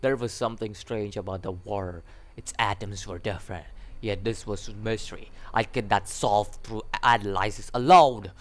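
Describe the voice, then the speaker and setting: An eccentric male scientist from a game story, gleeful and theatrical, speaking in a put-on foreign accent , as a man performs him. He lingers on dramatic pauses as he reveals his findings. The voice sits a little on the low side. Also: steady tone, natural voice.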